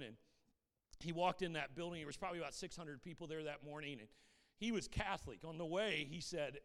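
Earnest pastor preaching in a reverberant church. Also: male voice, a little high, a little fast, a bit bright. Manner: earnest storytelling, repeats words when starting sentences, asks "Amen?"; calls himself reserved by default. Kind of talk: sermon with personal testimony.

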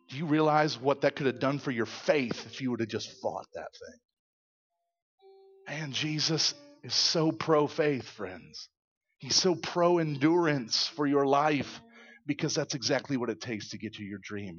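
A man preaching to his church in a middle-pitched voice, retelling scripture with lively, acted-out storytelling. The sound is slightly dull and muffled. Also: measured pace, husky, soft background music. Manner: animated storytelling, acting out voices. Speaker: pastor. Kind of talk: sermon.

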